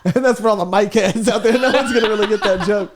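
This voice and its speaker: A young man co-hosting a podcast tells a comedic story, rambling, swearing, laughing often and saying "dude" constantly. He speaks quickly in a high voice into a studio podcast mic, with some background noise.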